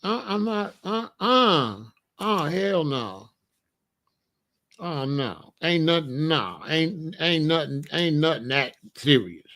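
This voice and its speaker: Animated, laughing man with a higher voice. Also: takes it slowly. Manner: animated, laughing, profane storyteller. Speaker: podcast host. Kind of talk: comedic monologue.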